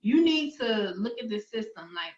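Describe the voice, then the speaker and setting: A woman trainer giving an energetic, chatty sales presentation to her audience, speaking. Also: fairly high pitch, moderate pace, echoey room, dull audio. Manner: energetic, chatty, addresses audience as y'all and guys. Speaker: online business trainer.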